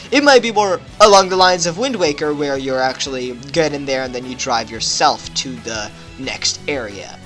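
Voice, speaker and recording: A young man casually analysing a game trailer, excitable and rambling, with lots of fillers. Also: a little high, a little slow. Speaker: gaming video host. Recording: faint background music.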